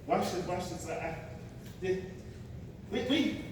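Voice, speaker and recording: High-voiced preacher in an echoey sanctuary. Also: male voice, animated, slow, background noise. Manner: preaching with dramatic swings, acting out voices; repeats "watch this" as a refrain. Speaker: pastor. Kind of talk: sermon. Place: large church sanctuary. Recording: echoey hall, picked up from a distance.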